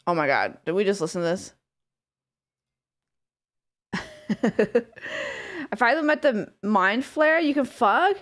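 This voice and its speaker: A woman streamer chatting casually on a live stream, giggling often and swearing as she rambles excitedly. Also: medium pitch, slow pace, pauses often. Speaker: livestreamer.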